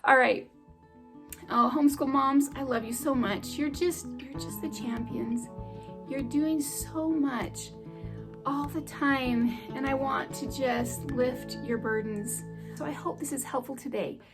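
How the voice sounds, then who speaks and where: A middle-aged woman in a homeschooling vlog, talking straight to the camera in a chatty, heartfelt way. She laughs easily. Her voice sits a little high. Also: a little slow, music in the background. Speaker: homeschool vlogger. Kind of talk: encouraging talk to camera.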